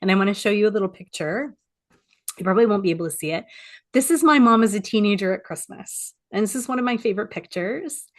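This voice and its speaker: A woman in her forties sharing her story at a support group over a video call from her home office, speaking softly and pausing often, a little teary. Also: mid-range voice, expressive. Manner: soft-spoken, heartfelt, pausing often. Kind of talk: personal sharing, reflective.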